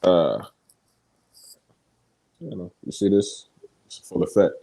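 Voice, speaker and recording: Lower-voiced man telling stories animatedly. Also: slow pace, vocal fry. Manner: animated storyteller, quotes others in a mock voice. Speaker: podcast co-host. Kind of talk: casual chat and sports talk.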